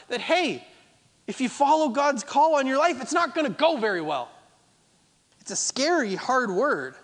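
A man's voice: very high voice, fairly bright tone, in a large hall. A man preaching a sermon as pastor, driving points home by repeating phrases. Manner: emphatic, repeating phrases for effect.

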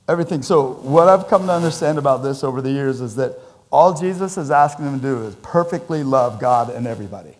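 A pastor preaching a sermon in a church, animated and conversational, joking with his congregation, his pitch and loudness swinging widely. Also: fast.

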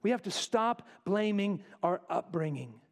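A male pastor preaching a sermon, acting out quotes and dropping to quiet asides. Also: high-pitched, a little slow. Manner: animated, acts out voices in quotes, drops to quiet asides.

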